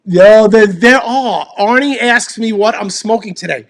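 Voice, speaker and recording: A man hosting a casual live podcast, joking and cursing as he reads out viewer questions. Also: sits high. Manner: profane, joking, quick to answer viewers. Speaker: podcast host. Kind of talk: casual chat reading live comments.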